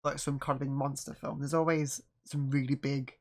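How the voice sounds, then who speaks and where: A man's voice: mid-range voice, little pitch movement, moderate pace, darkish tone. A man co-hosting a podcast, chatting casually about movies and mostly chiming in briefly. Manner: brief agreeing interjections. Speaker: podcast co-host. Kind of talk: casual movie review chat.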